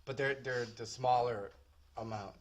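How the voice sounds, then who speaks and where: A man's voice: medium pitch, fairly even intonation, a little slow, crowd noise. A man, a tattoo artist co-hosting a casual podcast chat, joking and laughing often.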